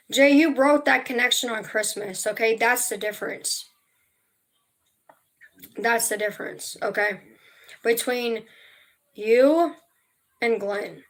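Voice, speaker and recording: A woman's voice: on the high side, fairly bright tone. A young woman talking casually on a livestream, emotional and rambling, swearing freely as she tells a personal story. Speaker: vlogger.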